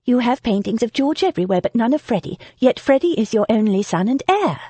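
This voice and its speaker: A woman's voice: a little high, lively intonation, fairly quick, husky, dry recording, pitched above the performer's own voice. A woman voicing a composed, defiant young heroine who speaks coolly and firmly. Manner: cool and firm, gentle.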